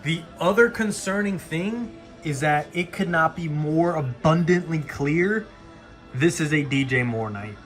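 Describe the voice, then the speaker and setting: A man's voice: fairly high pitch, a little slow, fairly bright tone, soft background music. A young man giving profane live reactions to a fantasy football game, dropping to mutters and then bursting out. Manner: profane, swings from mutters to outbursts.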